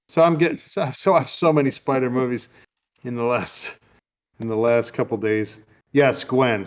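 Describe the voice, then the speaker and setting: A man hosting a casual chat, recapping a movie in a relaxed, rambling way with lots of fillers. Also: medium pitch, muffled recording. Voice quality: easygoing, rambling with many fillers. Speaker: podcast host. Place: home room.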